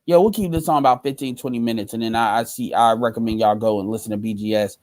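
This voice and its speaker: A man's voice: mid-range voice, fairly even intonation, fast talker, darkish tone, no echo, rough recording. A man hosting a casual livestream, talking bluntly with lots of profanity and repeating his points. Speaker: livestream host.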